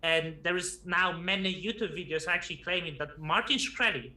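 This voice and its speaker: A male guest on a livestream who talks haltingly, doubling back on words as he goes. His voice is fairly high and very bright and sharp. It rings in an echoey room. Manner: halting, repeats words while building sentences. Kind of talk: casual livestream chat.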